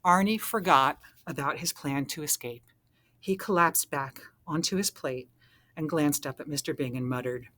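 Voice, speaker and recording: A woman reading a children's picture book aloud with expressive narration. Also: deep voice, normal speed. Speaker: storybook reader.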